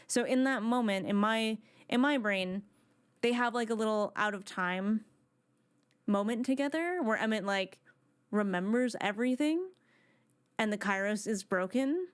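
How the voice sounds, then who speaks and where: A woman streamer chatting casually while she plays a video game, rambling with excitement and restarting her sentences often. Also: medium pitch, measured pace, clean tone. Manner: excited, rambling fan talk with many restarts.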